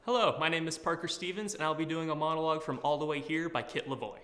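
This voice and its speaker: A young man from Washington, D.C. answers audition questions with self-deprecating jokes and plenty of filler words. His voice is bright and clear. It rings around a large, echoey hall. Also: a little high, fast, few pauses. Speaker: auditioning actor. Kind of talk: audition interview.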